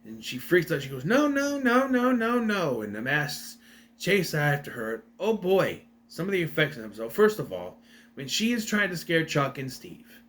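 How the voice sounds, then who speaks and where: A man's voice: on the high side, big pitch swings, moderate pace, a bit bright. A young man giving a casual, rambling review, recapping a plot and correcting himself as he goes. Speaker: video reviewer.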